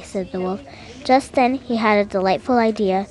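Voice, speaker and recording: A woman reading a fairy tale aloud as narrator, lively with small slips. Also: mid-range voice, moderate pace. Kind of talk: storybook reading.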